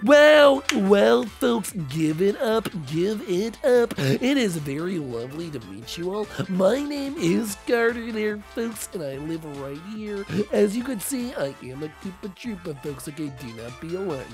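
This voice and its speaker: A man voicing a pushy, lonely turtle neighbor in a Minecraft role-play, drawling a slow salesman patter. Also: high voice, very animated, soft background music. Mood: schmoozing. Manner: slow salesman patter, says "folks" constantly.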